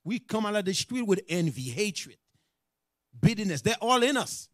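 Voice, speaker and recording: A man teaching a religious class, preaching in casual street talk, animated and joking, with scolding asides to his listeners. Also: sits high, moderate pace, dry recording.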